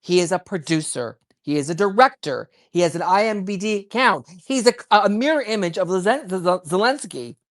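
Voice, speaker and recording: A woman giving heated, rapid political commentary, worked up and emphatic, with frequent restarts. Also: mid-range voice, expressive. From child of immigrants.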